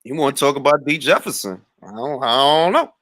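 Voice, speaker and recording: Bright-voiced slangy man hosting. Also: medium pitch, lively intonation, fairly quick, dry recording, studio quality. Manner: slangy, laughs often. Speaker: boxing livestream host. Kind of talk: casual livestream chat.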